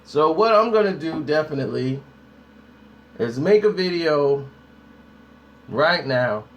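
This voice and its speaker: A man's voice: fairly high pitch, expressive, slow, muffled recording. A man hosting a casual live stream, talking straight to his viewers in a slangy, hyped way. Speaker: YouTube host.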